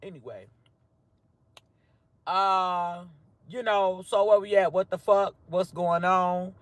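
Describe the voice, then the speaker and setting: A man hosting a casual livestream roll call, profane, swinging between loud greetings and low mutters. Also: fairly even intonation, slow, no echo. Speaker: livestream host.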